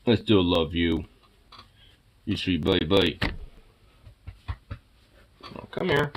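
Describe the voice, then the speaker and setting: Slowly and expressively, in a low voice, a pet owner chats playfully with his cats at home over slight background noise. He hurls mock insults and swearing at them in jest before cooing baby talk.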